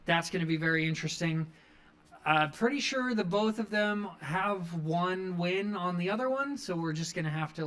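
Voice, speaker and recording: A man's voice: high voice, fairly bright tone. A man hosting a wrestling review show, recapping matches in a rambling, enthusiastic way full of fillers. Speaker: wrestling review podcast host. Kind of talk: casual recap commentary.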